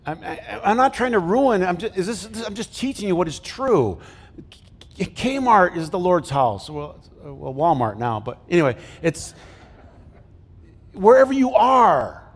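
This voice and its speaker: A middle-aged man preaches in a casual, joking way, asking the congregation questions as he goes. His voice sits a bit high for a man. Long reverb from the church hall trails after his words. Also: sing-song, a little slow, husky. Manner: conversational, jokey, asks the congregation questions. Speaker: pastor. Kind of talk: sermon.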